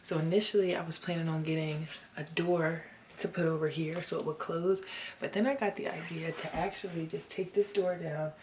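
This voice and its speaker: A young woman in her twenties chats expressively to her viewers from her bedroom, her voice pitched a little low. She sometimes slips into a hush. A clear hiss of background noise runs under the home recording. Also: moderate pace. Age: 20s. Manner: expressive, talks to viewers as y'all, drops into whispers. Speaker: lifestyle vlogger. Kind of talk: casual chatty vlog talk to the camera.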